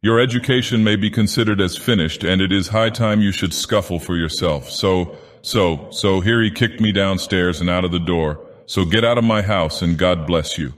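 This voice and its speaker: Guy doing an ancient god villain reading a story, super low voice, big echoey reverb. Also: normal speed, hardly any pauses, natural voice. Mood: grandiose. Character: ancient godlike male villain, grandiose and menacing. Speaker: narrator. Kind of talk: dramatic storybook narration. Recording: long cavernous reverb.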